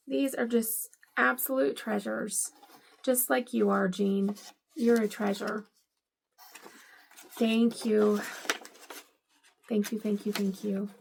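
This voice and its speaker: A woman's voice: medium pitch, gravelly, background noise. A middle-aged woman in a casual home vlog, unboxing gifts and gushing with delight, often repeating how much she loves each item. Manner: gushing, delighted, lots of "I love it".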